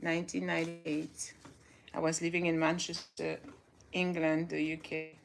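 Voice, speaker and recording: Upbeat motivational woman host, low voice. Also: monotone, moderate pace, creaky, slight background noise. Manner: upbeat, motivational, laughs often. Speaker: livestream host. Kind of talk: casual live chat, reading aloud.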